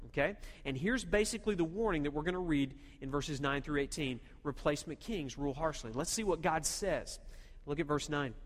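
A man preaches in a fairly high voice, leaning hard on key words and throwing rhetorical questions at his listeners. His voice carries a long reverberant tail from a big hall. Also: a little fast, slight background noise. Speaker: pastor. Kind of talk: sermon.

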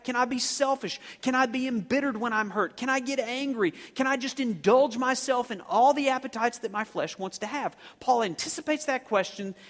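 A man preaching a sermon as pastor, animated, shouting some words for emphasis and slowing down to stress others. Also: extremely high pitch, in a large hall.

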